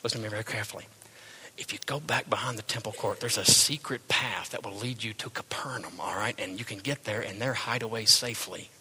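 A man's voice: fairly low pitch, fairly quick, bright, forceful tone, a little hiss or hum. A man putting on a silly coaxing angel. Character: lazy comforting male angel giving cozy escape tips.

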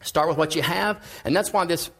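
Higher-voiced man preaching casually. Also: normal speed, creaky, a bit bright. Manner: casual, conversational preaching with swings of emphasis. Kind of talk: sermon.

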